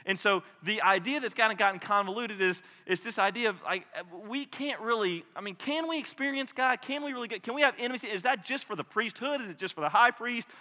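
A man in his thirties preaches with a high, bright voice, swinging between loud exclamations and near-hushed moments. His sermon rings out through a reverberant church hall. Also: quick pace, few pauses. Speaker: pastor.

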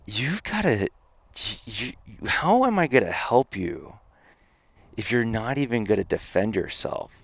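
A man's voice: fairly low pitch, big pitch swings, a little slow, vocal fry, slightly rough, no room sound, voice pushed up, full character voice. A man putting on a blunt, scolding female spirit. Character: mocking female jungle spirit, impatient.

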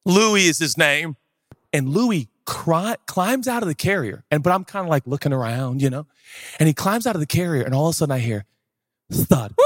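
A pastor telling funny stories in a sermon, jokey and animated, breaking into sudden loud shouts, on a church stage. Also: male voice, fairly high pitch, no echo, clean studio sound. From Seattle area, USA. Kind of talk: humorous sermon storytelling. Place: church stage before a live audience.

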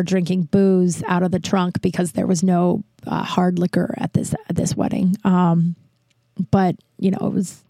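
Mellow-voiced woman podcaster, confessional. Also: on the low side, dry recording. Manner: rambling and confessional, with wry self-mocking asides. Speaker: podcast host. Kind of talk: candid personal monologue.

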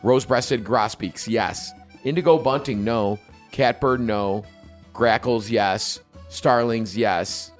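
A man's voice: medium pitch, takes it slowly, soft background music. A man co-hosting a casual show, reading listener stories aloud in a playful, teasing way. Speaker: podcast co-host.

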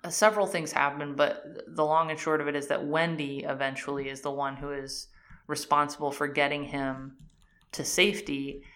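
Low-voiced woman recapping a TV show. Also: moderate pace. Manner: animated storytelling, acts out characters' lines; frequent fillers "like" and "um". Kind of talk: casual chat recapping a TV series.

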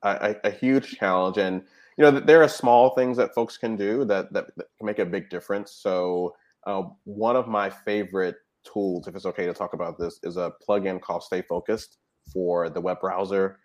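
In a conversational interview, a guest expert on technology habits explains things patiently in a low, steady voice at a moderate pace. He frequently checks in with "right?" and "you know."

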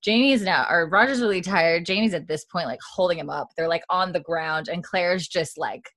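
Woman, fairly low voice, dry close sound, chatty episode recap, lots of "like". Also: a little fast, no room sound. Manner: retells dialogue in a hushed, lowered voice with frequent "like". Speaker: podcast co-host recapping a TV episode. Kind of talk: casual chat, retelling scenes with quoted lines.

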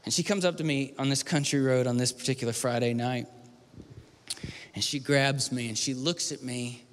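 A man's voice: mid-range voice, fairly even intonation, moderate pace. Man preaching in a reverberant hall. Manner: storytelling, swings from hushed whispers to loud pleading. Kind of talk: sermon. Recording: long hall reverb with faint music.

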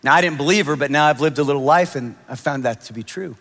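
A man in his thirties preaching a sermon, telling his own story with animated quoted voices. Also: a little high, fast. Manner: animated storytelling, quoting others in raised voices. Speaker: pastor. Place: large church hall. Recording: long hall reverb.

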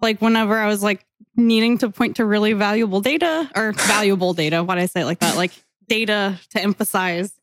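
A woman in her twenties co-hosts a casual podcast, giggling often and rambling with many fillers. Her medium-pitched voice is fairly even and a little fast, recorded on a podcast mic without echo.

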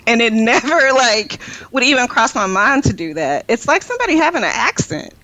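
A woman in candid conversation, speaking directly and firmly and holding her position in a measured way. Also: a little high, big pitch swings, pushed and bright, dry recording, low-quality recording.

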